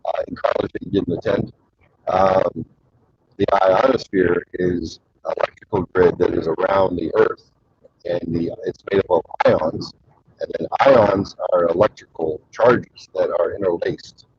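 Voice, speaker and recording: A man hosts his own show, telling long rambling stories full of fillers and crude jokes. His voice is low and very husky. The recording sounds dry and a bit dull, like a lo-fi mic. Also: unhurried. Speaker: show host. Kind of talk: casual rambling storytelling.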